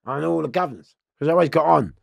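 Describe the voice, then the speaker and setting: A man's voice: on the high side, very fast, creaky, no room sound, studio quality. A middle-aged man, telling a story as an interview guest with free swearing, acting out the lines of the people in it. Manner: swearing freely, acts out other people's lines. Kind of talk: animated storytelling.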